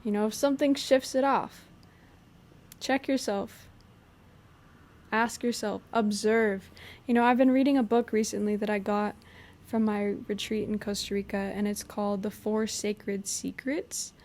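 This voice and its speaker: A woman's voice: mid-range voice, measured pace. A young woman hosting her own podcast, talking through a personal story in a casual, reflective way, with lots of "you know" and "like". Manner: relaxed, chatty, frequent "you know" and "like". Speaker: podcast host.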